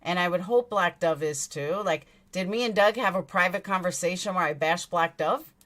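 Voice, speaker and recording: A woman's voice: fairly low pitch, normal speed, fairly bright tone. A woman with a New York accent hosting a true crime livestream, reading chat aloud and answering in a blunt, indignant way, swearing freely. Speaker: true crime commentary host.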